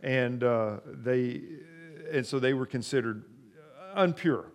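Speaking slowly in a mid-range voice, a man preaches as pastor, addressing the congregation conversationally. He is emphatic, pushing hard on key words with sharp rises in volume.

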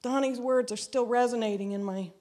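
An earnest woman with a fairly high voice shares her personal testimony before a church. She talks in a reflective way, repeating phrases to drive them home, and acts out the dialogue in her story. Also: fairly quick, mellow. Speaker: church member giving a testimony.

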